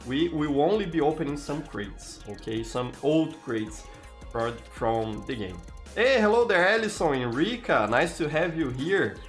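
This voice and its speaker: A man's voice: on the high side, measured pace, faint music behind. Tired Brazilian man streaming. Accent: Brazilian Portuguese. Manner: greets viewers by name, frequent restarts, relaxed. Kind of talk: casual live-stream chat.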